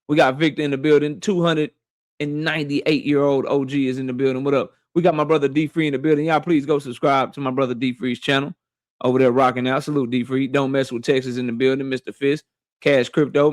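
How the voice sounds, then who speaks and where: A man hosting a boxing livestream, shouting out viewers by name in loose, slangy casual talk. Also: mid-range voice, no room sound, studio quality.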